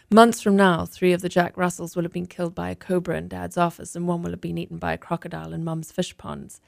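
A woman author reading from her memoir and talking about it in an interview, measured and expressive with deliberate pauses. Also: on the low side, creaky, dry recording, studio quality. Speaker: author and guest.

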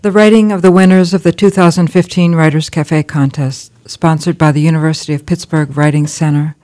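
A woman's voice: sits low, fairly even intonation, brisk, mellow. A woman hosting a literary radio program, introducing readers and closing the show in a polished announcer manner.

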